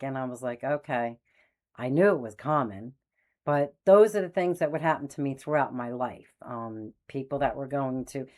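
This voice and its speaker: Woman in her sixties, a medium telling personal stories in a low voice, animated, acts out voices. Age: 60s. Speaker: spiritual medium host. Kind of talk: personal storytelling.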